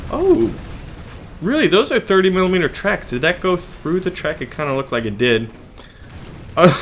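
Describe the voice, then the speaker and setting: A man hosting his gaming channel, giving joking, excitable live commentary on his own gameplay and talking to himself and his enemies. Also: mid-range voice.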